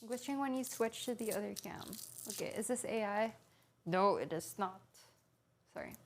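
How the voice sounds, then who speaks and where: A woman's voice: mid-range voice, animated, normal speed, a little hiss or hum. A woman streaming live from her home kitchen, chatting playfully while cooking and answering her chat aloud.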